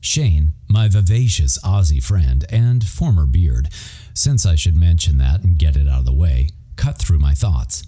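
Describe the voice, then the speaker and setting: Brief: low, very dark-toned man with lively inflection, wry and self-mocking, narrating a romance audiobook. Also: a little slow. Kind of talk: first-person romance narration.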